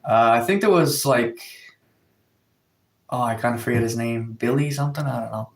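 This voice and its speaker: A man's voice: mid-range voice, moderate pace, roomy sound. A man chatting casually on a livestream from home, rambling with lots of fillers and reading viewer comments aloud. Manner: rambling, filler-heavy storytelling, reads chat aloud. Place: indoors at home, in a room with a window. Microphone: phone.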